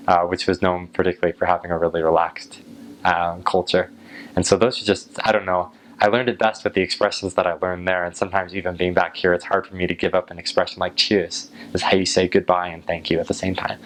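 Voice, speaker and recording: American man, low voice, monotone, casual unhurried vlog talk, lots of ums. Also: poor audio. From United States. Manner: unhurried, musing, with frequent ums. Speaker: vlogger.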